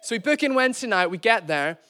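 A man's voice: high voice, very animated, fast talker, pushed and bright. A man preaching a sermon, telling a playful, self-deprecating story and calling out to the church. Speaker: pastor.

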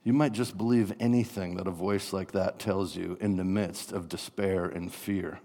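A man preaching a sermon, animated, acting out panicked inner voices. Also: low-pitched, moderate pace, few pauses. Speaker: pastor. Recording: long reverb of a large hall.

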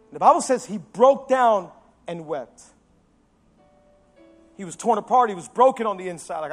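A male pastor preaching a sermon with lots of energy, moving between loud emphasis and quiet intensity and acting out the quotes in his own voice. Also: high-pitched, lively intonation, a little fast, faint music behind. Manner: acts out quotes of biblical figures with his own voice.

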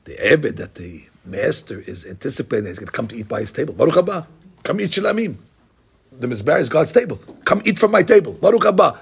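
A man teaching a Talmud class in an animated, repetitive way, dropping Hebrew and Aramaic terms into his speech. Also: mid-range voice, creaky, husky. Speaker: Torah teacher.

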